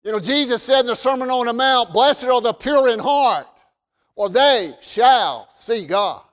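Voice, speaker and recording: A man preaching a sermon from the pulpit in an emphatic way, repeating phrases and rising to shouts. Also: very high-pitched, expressive, measured pace. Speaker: pastor. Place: church sanctuary. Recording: long reverb of a large hall.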